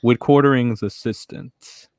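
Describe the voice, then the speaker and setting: A man's voice: medium pitch, unhurried, a little mellow. A man co-hosting a livestream, chatting crudely and casually with a lot of swearing and some hesitation. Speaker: stream co-host.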